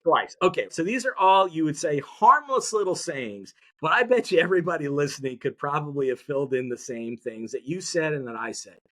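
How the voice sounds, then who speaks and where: A man talking as a podcast guest in an energetic, motivational way, drawing the audience in. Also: on the high side, a little fast, few pauses. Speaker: podcast guest, mindset educator. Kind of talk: conversational interview.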